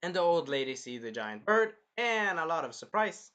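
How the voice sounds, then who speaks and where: A man hosting a casual anime review, rambling and animated, swearing freely as he recaps an episode. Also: on the high side, normal speed, clear, resonant tone. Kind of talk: casual chat.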